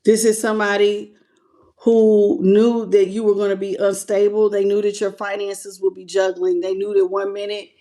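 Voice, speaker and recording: A woman's voice: medium pitch, level tone, moderate pace, mellow. Woman doing a live tarot reading, all worked up, calls folks baby and sweet pea. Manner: emotional, greets viewers by name, colloquial. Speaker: tarot reader.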